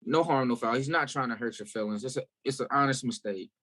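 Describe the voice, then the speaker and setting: A man from South Carolina, a guest musician in a casual interview, telling stories in a candid, animated way. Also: medium pitch, fast.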